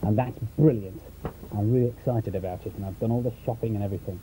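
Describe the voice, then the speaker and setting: A man's voice: fairly low pitch, quick pace, mellow, rough recording. A young man presenting children's television, a little out of breath, chatty and talking straight to the young viewers. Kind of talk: live continuity presenting. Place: small studio booth. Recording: rough old TV recording with faint hiss.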